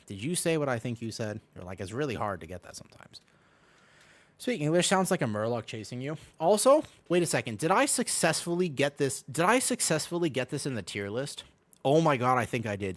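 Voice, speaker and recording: A young man talks loosely over a live game stream, bouncing from one topic to the next and often breaking into laughter. His pitch swings up and down a lot as he answers chat. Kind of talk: casual live-stream commentary while gaming.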